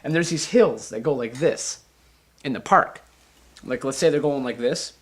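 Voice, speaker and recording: A young man being interviewed, telling a casual, animated and profane anecdote and acting out the voices of the people in it. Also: medium pitch, normal speed, a little hiss or hum. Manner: animated, profane, acts out voices and sound effects.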